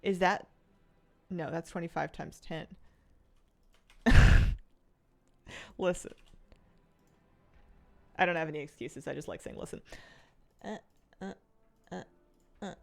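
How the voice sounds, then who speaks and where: A woman's voice: lowish voice, normal speed, creaky, pauses often. A young woman streaming a game, chatting casually in a rambling way and laughing often. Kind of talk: casual chat while gaming.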